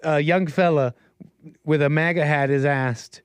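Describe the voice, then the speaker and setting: A man's voice: medium pitch, fairly even intonation, takes it slowly, clean tone, dry recording. A slightly sick man hosting a call-in livestream, rambling and chuckling as he comments, recorded close to the mic. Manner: rambling, chuckling, self-interrupting. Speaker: livestream host. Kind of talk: casual call-in stream commentary.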